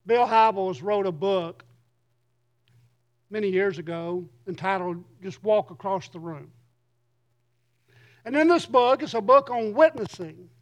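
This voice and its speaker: Man, middle-aged, pastor, sermon, very high pitch, earnest scripture reading. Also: expressive. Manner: earnest preaching, reads scripture slowly with emphasis.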